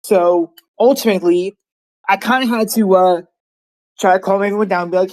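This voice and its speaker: Female candidate, lowish pitch, confident and self-assured. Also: fairly even intonation, fairly quick, darkish tone, rough recording. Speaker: debate candidate, sitting prime minister. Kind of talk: debate answer.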